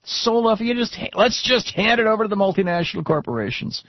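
A man's voice: high-pitched, expressive, a little fast, dry recording, lo-fi sound. A middle-aged man hosting a talk radio show, lecturing in an indignant, sarcastic way.

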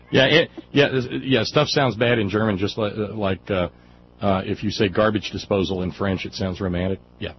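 A low-voiced man hosts a call-in radio show, joking with callers and tripping over his words in restarts. The recording sounds dull and muffled, with a faint hiss underneath. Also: fairly even intonation, moderate pace. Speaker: radio talk show host.

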